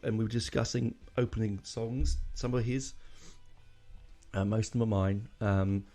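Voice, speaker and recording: A man's voice: on the low side, fairly even intonation, moderate pace, mellow. A man hosting a casual music podcast, rambling and emotional, with lots of fillers and restarts. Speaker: podcast host.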